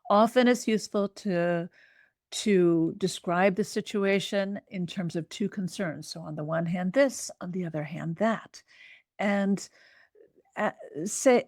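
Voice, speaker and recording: A woman's voice: mid-range voice, darkish tone, dry recording, clean studio sound. A woman psychologist answering a parent's question, chatty and laughing, acting out what parents might say. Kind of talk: advice Q&A.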